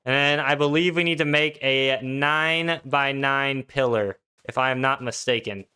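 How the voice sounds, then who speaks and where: A young man talks through his gameplay on a live stream, loose and slangy, reading out viewers' questions as he goes. His voice is bright and clean, sitting at an ordinary male pitch. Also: measured pace, smooth. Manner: laid-back, slangy, chatty, reads chat aloud. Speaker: gaming streamer. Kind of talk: casual live-stream commentary.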